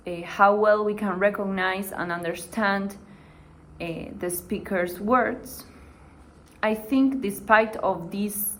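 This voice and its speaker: A woman's voice: mid-range voice, fairly bright tone, slight background noise, rough recording. A young woman student giving a class presentation for an assignment, hesitant and dotted with "eh" fillers.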